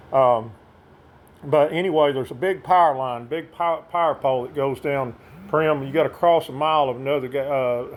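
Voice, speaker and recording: A man's voice: mid-range voice, a little mellow. Folksy man. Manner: folksy, meandering, with restarts. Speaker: storyteller. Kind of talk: rambling personal storytelling.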